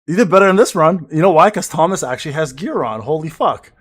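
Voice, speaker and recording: A man with a high, bouncy voice that swings all over the place, firing off teasing, swear-filled jabs. He plays up mock outrage at his buddy during casual livestream banter. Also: expressive, fast talker, fairly bright tone, breathy edge. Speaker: gaming streamer.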